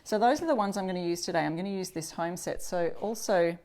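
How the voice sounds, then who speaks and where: A woman's voice: lowish voice, quick pace, darkish tone. A middle-aged woman from Australia hosting a live crafting demonstration, talking chattily to viewers and greeting them as they join. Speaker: upcycling channel host.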